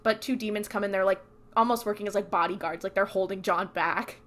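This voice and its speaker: A woman's voice: medium pitch, fairly even intonation, fairly quick, fairly bright tone. Woman, podcast co-host, casual recap, chatty storyteller. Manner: chatty storytelling that keeps acting out characters' lines.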